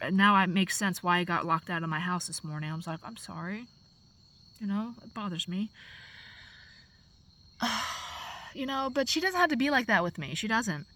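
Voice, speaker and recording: A woman vlogging from her backyard garden at dusk, filming on a phone as she walks. She rambles and vents, swinging from soft musing to loud, exasperated outbursts. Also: mid-range voice, expressive, normal speed, pauses often. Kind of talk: casual venting vlog.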